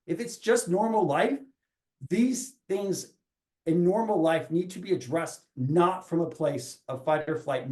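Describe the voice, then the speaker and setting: A man in his forties, a coach talking earnestly in a reflective podcast, often restarting his phrases as he thinks aloud. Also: high voice. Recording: roomy echo.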